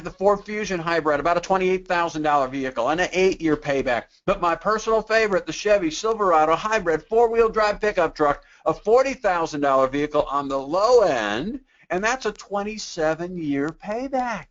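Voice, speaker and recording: A man with a high voice teaches a sales webinar. He talks conversationally, leans on rhetorical questions and slips into quoted customer voices. The audio is dull and lo-fi. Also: fairly bright tone. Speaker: sales trainer. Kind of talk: webinar sales training talk.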